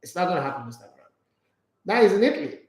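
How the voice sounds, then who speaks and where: A man's voice: high voice, rapid-fire, reverberant, low-quality recording. A Nigerian man hosting a sports show, chatting casually and opinionated as he reacts to listener comments. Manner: animated, opinionated, with frequent asides.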